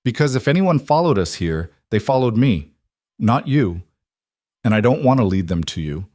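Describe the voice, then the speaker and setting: A man voicing a middle-aged mafia boss who speaks in a quiet, measured, reflective way. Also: mid-range voice, very animated, no echo, studio quality. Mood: calm.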